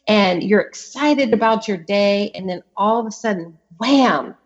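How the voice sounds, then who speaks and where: A middle-aged woman speaks with earnest conviction, stacking up vivid examples and stressing her key words. Her voice sits in an ordinary middle pitch. The audio is a little dull and muffled, as if the high end has been cut away. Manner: earnest, vivid storytelling with emphatic repetitions. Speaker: author and podcast guest. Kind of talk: conversational interview.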